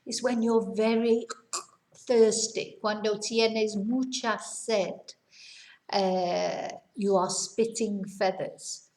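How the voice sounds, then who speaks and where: A woman's voice: medium pitch, steady tone, very slow, a little mellow. A woman, patiently teaching a vocabulary lesson and explaining each word with examples. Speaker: English teacher. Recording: roomy echo.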